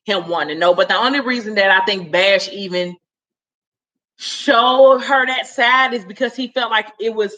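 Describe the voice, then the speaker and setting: A woman's voice: fairly high pitch, fairly even intonation, a little slow, bright, forceful tone, highs cut off. A woman casually retelling a story in a chatty way, full of "like" and "you know", acting out the characters' lines. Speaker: story recapper.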